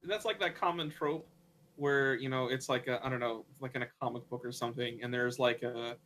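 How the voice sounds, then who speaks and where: A man's voice: mid-range voice, fairly even intonation, brisk, a bit bright, slight background noise. A man interviewing a guest, talking casually and hesitantly with many fillers. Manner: hesitant, filler-heavy, friendly questioning.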